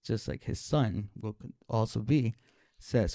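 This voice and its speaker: A man telling a personal story live on stage, animated and emotional, often stammering and repeating his words. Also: fairly low pitch, measured pace, dry recording, clean studio sound.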